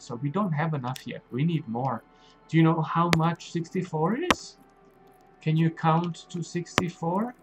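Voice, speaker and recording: Male game narrator for children; slow, patient, slightly high voice. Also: low-quality recording. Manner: slow, simple and questioning, talks to young viewers. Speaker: game streamer for kids. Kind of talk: gentle gameplay narration for children.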